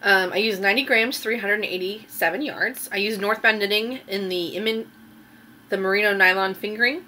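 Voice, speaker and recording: A woman's voice: mid-range voice, fairly quick, pushed and bright, a little hiss or hum. Chatty woman showing off her knitting. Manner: chatty, rambling, lots of ums. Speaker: knitting podcast host. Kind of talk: casual show-and-tell chat.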